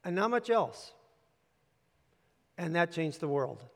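A man's voice: on the high side, animated, takes it slowly. A man preaching a sermon with handouts, emphatic and repetitive, telling listeners to underline words. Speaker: pastor. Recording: long hall reverb.

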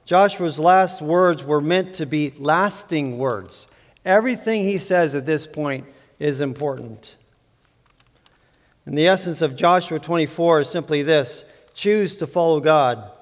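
A man preaching a sermon as pastor, measured, slowing down to stress key phrases. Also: on the high side. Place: church sanctuary. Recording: long reverb of a church hall.

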